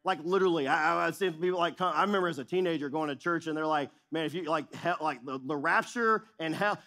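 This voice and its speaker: A man with a high voice preaching to his congregation. He drives his points home through repetition, dropping low and quiet, then rising sharply when he presses a point. He sounds like a pastor in the middle of a sermon. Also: fast, hardly any pauses. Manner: preaching with emphatic repetition and shifting intensity.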